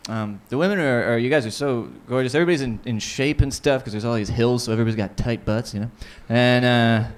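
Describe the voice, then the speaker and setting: A man's voice: mid-range voice, quick pace. A man from Canada performing a crude, rambling stand-up set in a small comedy club, slipping into silly voices for bits.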